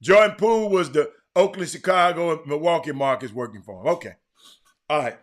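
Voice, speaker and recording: A man hosting a casual livestream, bantering with his chat in a teasing, animated way, often repeating and restarting his words. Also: a little high, fairly quick. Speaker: livestream host. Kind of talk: casual livestream chat reading viewer comments.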